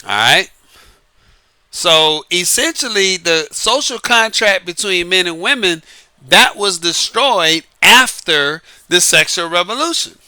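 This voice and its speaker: Man, New Orleans Southern accent, slightly high voice, smooth resonant tone, emphatic, casual advice monologue. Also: lively intonation, slow, sharp tone, dry recording. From New Orleans, Louisiana. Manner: emphatic, repeats key points, chuckles between lines. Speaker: dating advice author.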